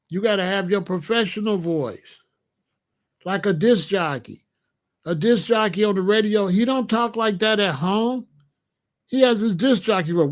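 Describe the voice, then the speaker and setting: A man's voice: high-pitched, moderate pace. A middle-aged man from the United States telling a story in a casual monologue, repeating phrases for emphasis. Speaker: commentator.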